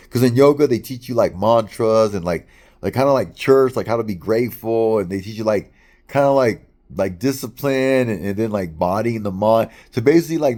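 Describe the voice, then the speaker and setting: A man's voice: lowish voice, darkish tone. A man telling a casual, rambling story in a monologue, repeating words often and swearing as he talks.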